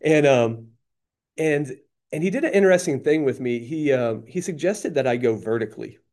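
A man's voice: medium pitch, animated, normal speed, a little mellow. A man speaks candidly about his recovery, in a loose, slangy and self-deprecating way. He often stops and restarts his sentences as he talks. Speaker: AA member sharing.

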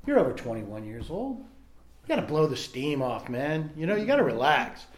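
A man voicing his own sly inner voice, which flatters him and coaxes him toward a drink. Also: on the high side, normal speed, echoey room. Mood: coaxing. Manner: wheedling, buddy-like, flattering. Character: sly coaxing male inner voice urging a drink.

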